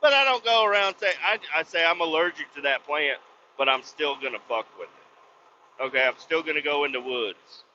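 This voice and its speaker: Bright-voiced swearing man on a rant. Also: fairly high pitch, expressive, moderate pace, slight background noise. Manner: blunt, swearing, loud outbursts. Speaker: podcast host. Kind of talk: profane comic rant. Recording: slightly dull lo-fi recording.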